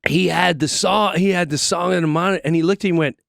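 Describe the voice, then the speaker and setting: A middle-aged man, a comedian guest, telling an animated story in a casual studio chat and acting out the voices of the people in it. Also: high voice, fast, creaky, no room sound. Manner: acts out voices in his stories, lively and excitable.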